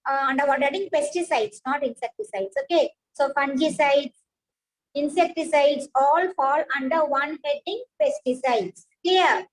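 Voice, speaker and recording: A woman's voice: sits high, unhurried, poor audio. A woman, teaching a science class, patiently repeating points and praising pupils by name.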